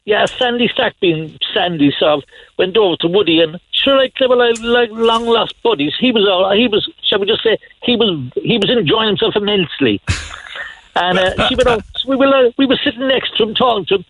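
A man's voice: high voice, brisk, fairly bright tone, highs cut off, a little hiss or hum. A man calling in to a radio show, rambling through anecdotes with lots of restarts and chuckles. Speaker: caller. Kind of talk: casual anecdotes on a radio phone-in.

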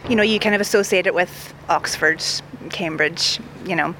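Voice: mid-range voice, normal speed, sharp tone, a little hiss or hum. An acting student answers a street interview outdoors, musing as they talk.

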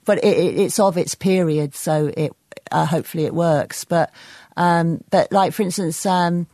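A woman's voice: fairly low pitch, steady tone, moderate pace, dark tone, dry recording. A woman novelist talking as a guest on a radio show, thoughtful and hesitant, with many fillers. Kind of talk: radio interview chat.

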